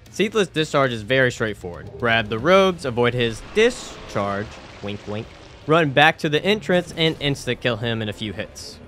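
A man talks through a game run in a scripted voice-over of middle pitch. His tone is dry and sarcastic, with casual swearing. Faint music plays underneath. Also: a bit bright. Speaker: gaming YouTuber. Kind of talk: scripted gameplay narration. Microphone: voice-over over gameplay.

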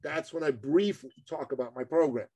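A man's voice: a little high, normal speed, warm tone. A man, a guest on a podcast, telling coaching stories with punchy, emphatic repetition. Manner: emphatic, acts out both sides of conversations; punchy, repeats phrases for emphasis. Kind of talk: animated podcast storytelling.

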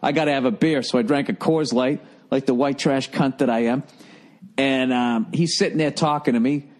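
A man's voice: mid-range voice, fairly even intonation, normal speed. A man hosting a podcast, telling a rambling story in a profane, wry, self-mocking way. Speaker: podcast host. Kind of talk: casual rambling monologue.

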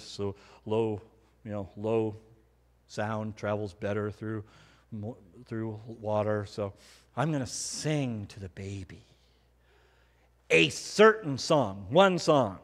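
A middle-aged man preaching a sermon, telling personal stories with animated, self-mocking humor. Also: fairly low pitch. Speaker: pastor. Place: church hall. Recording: hall reverb.

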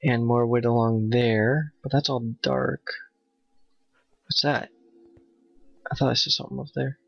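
A man giving nervous, excitable let's play commentary, talking to his in-game dog. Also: medium pitch, a little slow, vocal fry, no room sound. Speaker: gamer playing a Minecraft map. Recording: dull, dry home mic.

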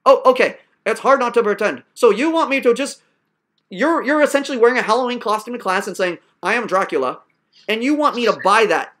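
A woman's voice: a little high, lively intonation, quick pace, fairly bright tone. A woman hosting a heated online call, berating and sarcastic, with profane outbursts. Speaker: host of an online coaching class.

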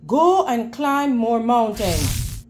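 A woman's voice: a little high, big pitch swings, drawn-out words, background noise, exaggerated voice. Storybook lion: large lazy amused king, lordly drawl, voiced by a woman reader.

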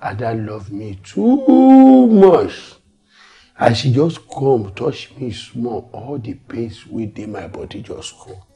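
Brief: a husky, hot-headed houseboy in a film drama, Nigerian Pidgin accent, lively pitch swings. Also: male voice, takes it slowly, soft background music, heavily acted. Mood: lovesick. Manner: loud trash-talking, then soft and tender. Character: lovesick, hot-tempered male house servant. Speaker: actor in a Nollywood film.

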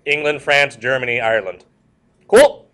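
A man's voice: medium pitch, normal speed. A man teaching a history lecture to a class, repeating key points and joking with students. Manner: repetitive, animated, joking asides to students.

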